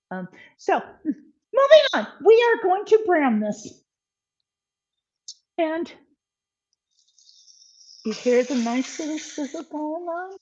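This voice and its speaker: Older female livestream cook, chatty and unhurried, high voice, dull home-stream audio. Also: darkish tone. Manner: chatty, talks to viewers while cooking, frequent ums. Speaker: livestream cooking host. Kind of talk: casual live cooking chat. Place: home kitchen.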